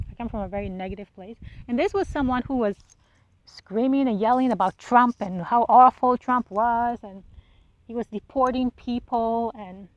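A woman's voice: on the high side, no echo, dull audio. A woman hosting a solo podcast, talking bluntly and with exasperation, swearing freely and firing off rhetorical questions. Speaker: podcast host. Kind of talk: casual solo monologue.

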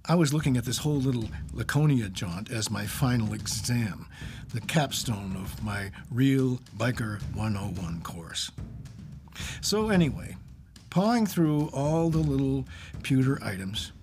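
A male English teacher narrates his own story with a wry, self-mocking humor. His pitch sits at an ordinary middle for a man, and he moves between dry asides and tense buildup. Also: expressive, unhurried, darkish tone, slight background noise.

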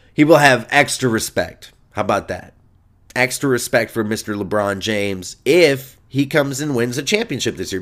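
A brash young male comedian and podcast host rambles through a loose, profane monologue. Riffing and boasting for laughs, he swings his pitch up and down a lot.

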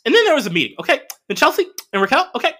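Brief: a man doing a shrill young woman, rambling nonstop, piling on "okay?", bright and high. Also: wildly swooping pitch, heavily acted. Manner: rapid rambling with repeated "okay?". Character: rambling, breathless young woman recounting her workday.

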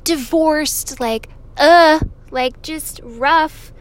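A woman's voice: sits high, very slow. A woman in her thirties from California, telling a personal story to viewers in a chatty way, swearing freely and laughing often.

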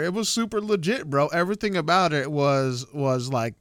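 Excitable young dude on a podcast, kinda high voice that jumps around a lot, dry mic. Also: male voice, brisk, no echo. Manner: excitable, animated, slangy, says bro. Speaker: podcast co-host. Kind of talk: casual podcast chat.

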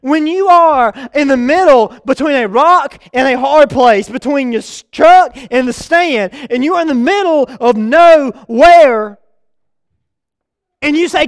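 A young man preaching a sermon, telling a story and moving between loud calls and soft, confiding asides. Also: very high voice, animated, measured pace, no room sound.

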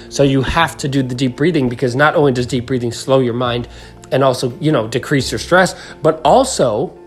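Earnest man coaching listeners through stress. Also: fairly high pitch. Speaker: podcast host. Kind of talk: motivational self-help talk.

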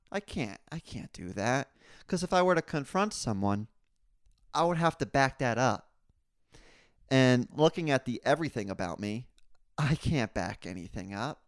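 A young man hosting a casual solo podcast, telling rambling stories full of crude jokes and swearing, and getting louder and higher when he is worked up. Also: lively intonation, moderate pace, clear, resonant tone, no echo, studio quality. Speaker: podcast host.

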